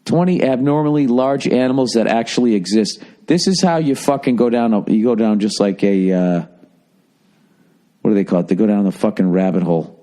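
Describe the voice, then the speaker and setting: A man's voice: on the low side, fairly quick, mellow. A middle-aged man hosting a podcast, riffing in a profane, sarcastic, rambling monologue. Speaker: podcast host.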